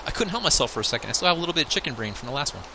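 A man hosting a Minecraft let's-play with excited commentary, often yelping and squealing when startled. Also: fairly high pitch, racing, noisy background. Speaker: gaming channel host.

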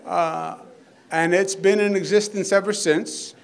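A man addresses a hospital crowd as governor, his voice sitting a little high. He talks off the cuff, slipping teasing jokes between earnest thanks. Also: fairly even intonation, measured pace, creaky. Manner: joking, teasing asides mixed with earnest praise. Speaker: state governor giving a speech. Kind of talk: off-the-cuff public speech. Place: hospital event.

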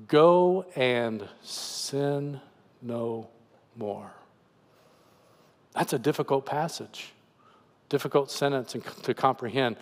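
A man's medium-pitched voice trails a long reverb tail. Preaching as pastor in a church sanctuary, he gives a sermon that earnestly unpacks scripture in a conversational tone.

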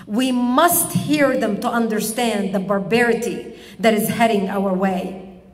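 Woman, from Lebanon, impassioned speech, higher voice, long hall reverb. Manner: dramatic storytelling, slow emphatic pauses. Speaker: public speaker. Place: public event hall.

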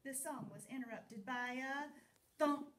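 A woman teacher reading a picture book aloud to children, in an expressive, sing-song storytelling manner. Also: a little high, normal speed.

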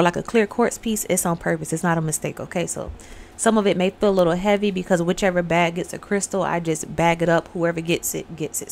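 A woman's voice: lowish voice, gravelly, a little mellow, slight background noise. Chatty woman telling a film story. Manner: chatty storytelling, talks straight to viewers; acts out characters' lines. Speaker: online host recapping a film. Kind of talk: casual spoken movie recap.

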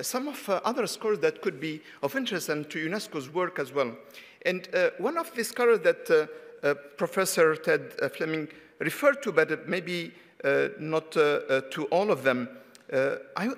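A man's voice: fairly high pitch, fairly bright tone. A man from Tunisia moderating an academic panel, hesitant, with many fillers and restarts. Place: conference hall. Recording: reverberant conference hall.

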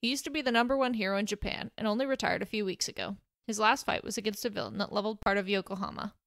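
A woman's voice: mid-range voice, animated, very fast, gravelly, a bit bright, no room sound, clean studio sound. A woman voicing a bubbly, chipper teenage girl hero who likes to tease. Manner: chipper and teasing.

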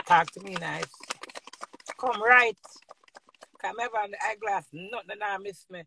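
Gravelly Jamaican woman ranting to viewers. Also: medium pitch, a little slow, long pauses, pushed and bright. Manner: boisterous, laughs often, talks in patois. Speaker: vlogger. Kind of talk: casual rambling rant to viewers.

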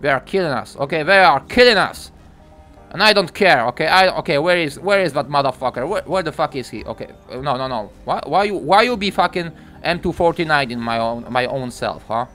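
A young man giving live commentary on his own gameplay, his voice bright and sharp and swinging widely in pitch. He is excitable and profane and jumps into sudden yelps and shouts. Faint game music plays underneath him. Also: a little fast.

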